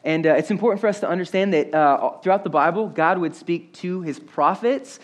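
A young male pastor preaching in an easy, conversational way, peppering the sermon with fillers and jokes at his own expense. His voice sits a little higher than most men's. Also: fairly quick. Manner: casual, conversational, self-deprecating humor with many fillers.

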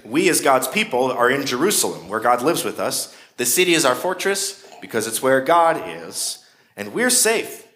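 A man's voice: mid-range voice, very animated, normal speed, a bit bright. A man preaching a sermon in a conversational way, with shifting emphasis. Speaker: pastor.

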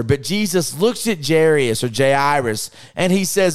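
Male preacher, fairly high smooth voice, fervent sermon delivery with rhetorical questions. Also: lively intonation, unhurried, few pauses. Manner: impassioned, rhetorical questions, acts out scripture quotes. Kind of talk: podcast sermon.

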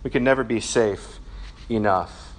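A young adult man, a pastor, giving a sermon in a relaxed, conversational way, with frequent filler words and quick self-corrections. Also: fairly low pitch.

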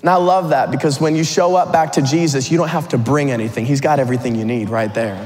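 A man preaching a sermon, retelling a story in an animated, conversational way with some humor. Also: mid-range voice, fast talker, faint music behind. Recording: long hall reverb.

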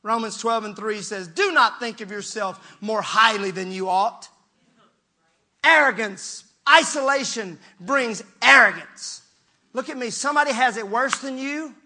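A man preaching a sermon as pastor, animated, swinging from soft asides to shouts and joking with the congregation, his throat a little strained. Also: extremely high pitch, a little slow.

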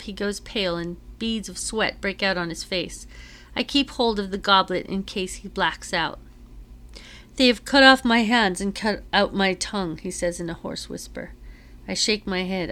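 A woman teacher reading a novel aloud to her class in a measured storytelling voice with dramatic emphasis. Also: mid-range voice, sharp tone.

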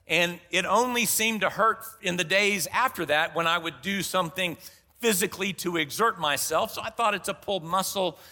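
High-voiced pastor in a reverberant hall. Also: male voice, normal speed. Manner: storytelling, animated, acts out dialogue. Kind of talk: sermon. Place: large church sanctuary.

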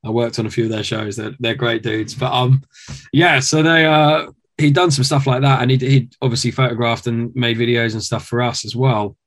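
British guitarist guest, middle pitch, chatty rambling stories, lots of fillers. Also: male voice, moderate pace. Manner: rambling, animated storytelling with many fillers. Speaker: guest musician. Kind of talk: casual interview.

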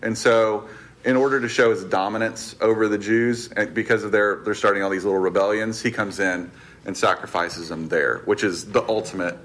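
A man's voice: lowish voice, fairly even intonation, brisk, a bit bright. A man teaching a casual Bible class, chatty and loose, correcting himself and laughing easily.

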